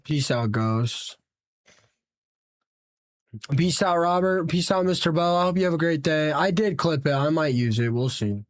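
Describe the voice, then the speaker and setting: Animated young man streaming, high voice. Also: measured pace, long pauses. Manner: animated, rants with rhetorical questions. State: tired after a long stream. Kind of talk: casual live-stream chat.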